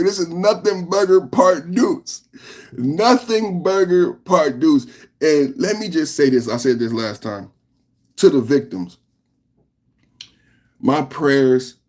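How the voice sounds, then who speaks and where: A man's voice: mid-range voice, darkish tone. A man hosting a live reaction podcast, ranting in a heated, repetitive way with lots of rhetorical questions. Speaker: podcast host.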